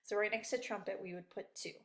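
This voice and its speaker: A woman's voice: medium pitch, steady tone, quick pace. A woman teacher going over a worksheet in a remote lesson for young children, patient and encouraging.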